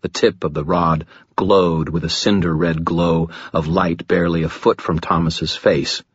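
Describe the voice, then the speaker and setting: A man narrating a first-person audiobook, gritty and dramatic, low and steady, close to the mic, in a dull, muffled recording. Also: unhurried, slightly rough, no room sound.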